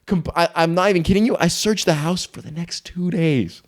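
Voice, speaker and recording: Excitable young man, quick bursts. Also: a little high. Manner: excitable, quick bursts, calls everyone dude and bro. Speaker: podcast co-host. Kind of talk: casual chat.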